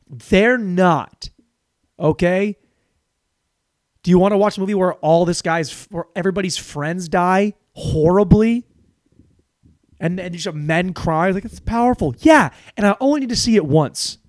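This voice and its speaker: Rambling, profane man with a lively voice. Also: sits high, dry recording, clean studio sound. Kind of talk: crude comedic monologue.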